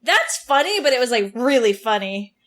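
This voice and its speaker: A woman's voice: on the high side, very animated, normal speed, a bit bright. A woman co-hosting a podcast, telling a story in a casual chat and often breaking into laughter. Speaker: podcast co-host.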